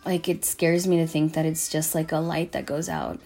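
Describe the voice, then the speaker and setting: Low, gravelly young woman rambling. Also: sing-song, moderate pace, warm tone, soft background music. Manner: rambling, profane, lots of "like" and "um". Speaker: vlogger. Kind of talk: casual storytime monologue.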